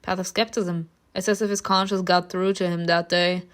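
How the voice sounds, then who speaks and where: A woman's voice: fairly low pitch, flat delivery, brisk. A woman reading a story game aloud to viewers, breaking off into blunt, swearing asides. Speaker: game streamer reacting.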